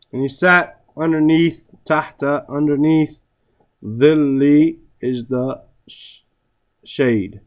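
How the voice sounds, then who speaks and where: A man teaching a class on Arabic grammar, reciting Arabic phrases and translating them, often checking in with "right?". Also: medium pitch. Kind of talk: classroom lesson.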